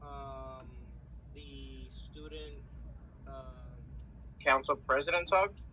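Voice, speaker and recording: A man's voice: mid-range voice, fairly even intonation, takes it slowly, pushed and bright. Young man on a robotic-sounding phone line. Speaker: guest. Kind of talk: casual podcast chat.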